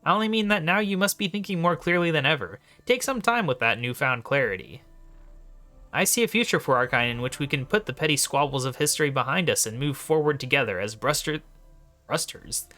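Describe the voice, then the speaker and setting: Scheming mocking god, read out by a gamer, lively and bright. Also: male voice, fairly high pitch, fairly quick, faint music behind. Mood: persuasive. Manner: reads game dialogue in a slightly raised voice. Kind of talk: reading game dialogue aloud.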